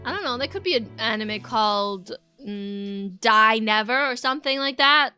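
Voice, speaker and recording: A young adult woman chats casually on a live stream, her voice high and bright. She rambles easily from one thought to the next and answers viewers in a relaxed, chatty way. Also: moderate pace, clean tone, faint music behind. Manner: chatty, rambling, reacts to chat with squeals and laughs.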